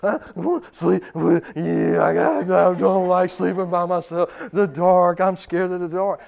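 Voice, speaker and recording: A man's voice: high-pitched, steady tone, normal speed, creaky, darkish tone, voice pushed up. A man imitating his small daughter pleading not to sleep alone, in a whining voice. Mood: whiny. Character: whiny scared three-year-old girl at bedtime.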